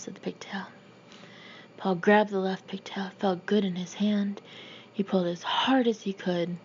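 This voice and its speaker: A woman reads a children's story in a steady, plain narrating voice. Her tone has a slight gravelly edge. The recording sounds dull and muffled, with a faint hiss underneath. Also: medium pitch, measured pace. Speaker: audiobook reader.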